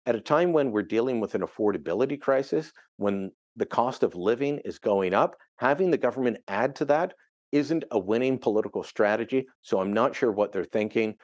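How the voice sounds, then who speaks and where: A middle-aged man from Canada talks through the news in a lively, conversational way. His pitch rises and falls a lot, and he slips into quick impressions of the people he quotes. It sounds like a relaxed interview segment. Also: dry recording, muffled recording. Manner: animated, conversational, mimics quoted voices. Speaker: political contributor.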